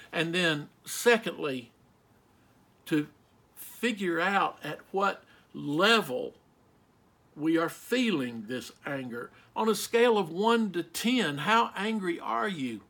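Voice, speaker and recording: A middle-aged male pastor preaching a sermon, slow and emphatic, asking the listeners rhetorical questions. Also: fairly high pitch, fairly bright tone.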